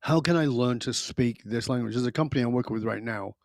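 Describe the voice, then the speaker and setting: A man's voice: medium pitch, quick pace, creaky, darkish tone, dry recording, studio quality. A man speaking as a podcast guest in a blunt, emphatic way, with casual swearing. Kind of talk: podcast interview.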